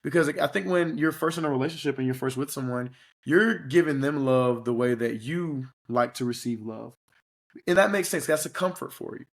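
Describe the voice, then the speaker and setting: A man's voice: medium pitch, normal speed. Earnest rambling man podcast co-host. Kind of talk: casual chat.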